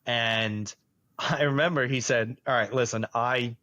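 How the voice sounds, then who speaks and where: A man's voice: medium pitch, measured pace, dry recording. A man, animatedly telling a personal story on a podcast and laughing often. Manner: animated, laughs often, acts out quoted voices. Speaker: podcast host. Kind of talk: casual storytelling.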